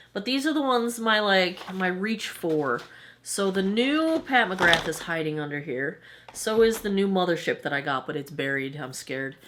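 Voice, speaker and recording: A woman's voice: medium pitch, fairly bright tone. Woman, forties, US beauty vlogger, chatty and self-deprecating, rambly Q&A. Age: 40s. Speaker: beauty YouTuber. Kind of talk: casual Q&A chat to camera.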